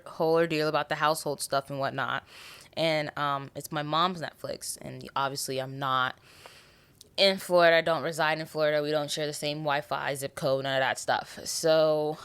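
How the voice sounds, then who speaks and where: A woman's voice: sits low, fairly bright tone, smooth. A young woman hosting her own podcast, chatting casually and animatedly with lots of asides and fillers. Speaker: podcast host. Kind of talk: casual solo podcast chat.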